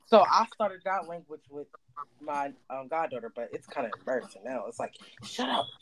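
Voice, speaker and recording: A woman chatting on a podcast, telling lively stories with loud imitated screams. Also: low-pitched, brisk, heavy background noise. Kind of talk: casual chat.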